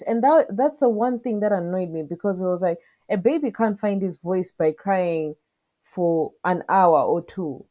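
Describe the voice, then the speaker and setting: Speaking a little slowly in a fairly low voice, a young southern African woman recounts something that happened to her on the podcast she co-hosts. She's emotional and sincere, quoting the exchanges between herself and the staff. The audio is dull.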